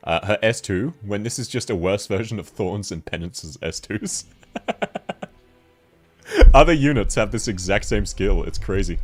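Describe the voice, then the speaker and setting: A man with a cold, chatting casually on a livestream, reading chat and laughing often. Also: fairly low pitch. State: sick with a cold. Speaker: VTuber streamer.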